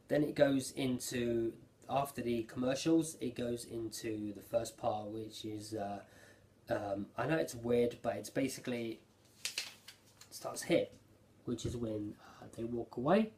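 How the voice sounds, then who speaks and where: Guy rambling thru an anime recap, tons of ums and likes, gets all excited, normal mid voice. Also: mid-range voice, slow pace, long pauses, a little hiss or hum. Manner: rambling, filler-heavy, excitable. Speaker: anime reviewer. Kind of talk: casual episode recap.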